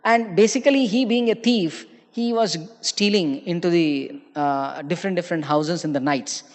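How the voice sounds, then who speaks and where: A man's voice: high-pitched, moderate pace. A man giving a storytelling sermon at a temple Sunday program. He acts out his characters' lines and often checks in with his listeners. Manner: tells anecdotes, acting out characters' lines and often checking in with "okay?". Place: temple hall. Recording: long reverb of a large hall.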